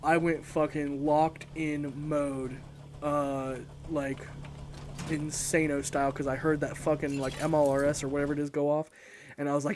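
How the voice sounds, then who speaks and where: Young guy streaming a game, kinda high voice, rambles and swears a lot, roasts himself, faint typing behind. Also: little pitch movement, normal speed, background noise. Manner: rambling, profane, self-mocking. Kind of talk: casual live-stream chat while gaming.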